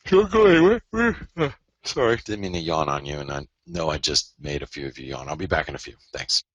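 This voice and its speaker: A man with a very low voice talks through live market charts, chatty and loose, and he keeps addressing his viewers. His tone is forceful and bright. The recording is dry and close, with no room sound. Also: steady tone, quick pace, no room sound, dull audio. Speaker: forex webinar host. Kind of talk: casual live market analysis.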